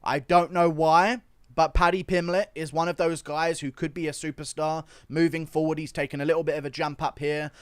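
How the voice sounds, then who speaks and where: A man's voice: a little high, a little fast, smooth, dry recording, studio quality. A man with a British accent explaining his opinions to his viewers in casual commentary. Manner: steady explanatory talk, addressing viewers. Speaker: YouTube fight analyst.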